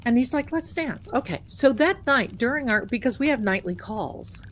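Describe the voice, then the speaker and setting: Livestream host, woman, slightly high voice, slow and chatty, faint room hum. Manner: chatty, animated, laughing at her own story. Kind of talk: casual storytelling on a livestream. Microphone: desk mic at home.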